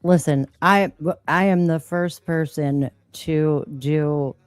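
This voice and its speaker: A woman's voice: low voice, fairly even intonation, takes it slowly, clean tone, dry recording. A woman co-hosting a casual live stream, talking bluntly and swearing freely. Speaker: co-host.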